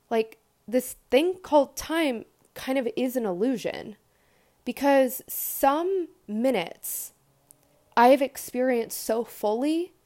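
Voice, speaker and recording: Earnest young woman, rambling spiritual talk. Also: on the high side. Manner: earnest, rambling, many fillers and restarts; animated quoted asides. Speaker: podcast host. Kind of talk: casual spiritual monologue.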